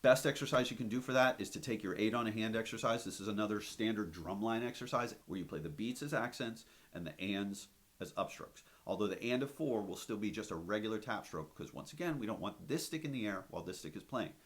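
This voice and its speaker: A drum teacher with a lowish, expressive voice gives an instructional demonstration, explaining stick strokes in a practical, conversational way. He talks a little fast, counts beats aloud and keeps checking in with "right?" The room is echoey, with drums and clicks behind his voice.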